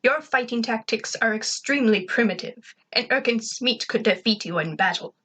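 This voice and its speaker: A proud male alien invader who barks blunt orders and talks about himself in grand terms, as a woman reads him aloud. The voice sits fairly high and commands without softening anything, in a homemade story reading. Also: normal speed.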